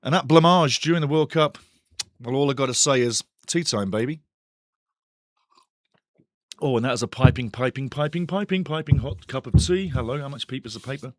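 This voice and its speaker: A man hosting a live football watch-along stream, chatty and excitable as he greets his chat and reads out the lineups. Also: mid-range voice, moderate pace, pauses often, dry recording. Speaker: watch-along show host.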